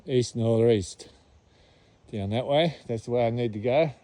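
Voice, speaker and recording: A man's voice: mid-range voice, measured pace, dry recording, poor audio. An older man with an Australian accent, chatting casually as he walks through the bush, a little out of breath after a steep climb. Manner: chatty, laid-back, hushed when near wildlife. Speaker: vlogger on a bush walk. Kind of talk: casual walking commentary. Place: outdoors in the bush.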